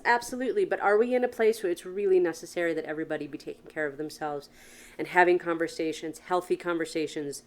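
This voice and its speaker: A woman with a fairly low voice speaks fast as she hosts a reflective solo podcast monologue. She talks earnestly and frankly, asks many questions and swears casually.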